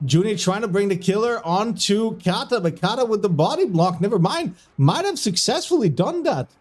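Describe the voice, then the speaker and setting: A man whose voice sits high delivers animated live-stream commentary on a community game tournament at normal speed. Frequent fits of giggling interrupt him, and flustered moments make him stumble and restart.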